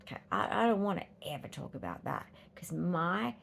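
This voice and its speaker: A woman's voice: on the low side, big pitch swings, normal speed, creaky, slight background noise. A woman with an Australian accent talking in a rambling, philosophical, emphatic way in a personal vlog, weary after a hard night. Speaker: vlogger.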